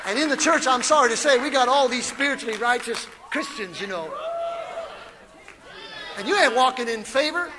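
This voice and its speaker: A man preaching a fiery sermon as pastor, building from quiet reading to shouted calls. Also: very high voice, animated, moderate pace, long pauses, a crowd in the background, background noise.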